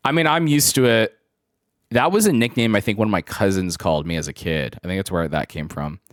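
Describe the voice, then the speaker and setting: Speaking a little fast in a somewhat low voice, this twenty-something streamer talks casually with his audience and rambles through anecdotes, laughing frequently. The sound has no echo and is studio quality.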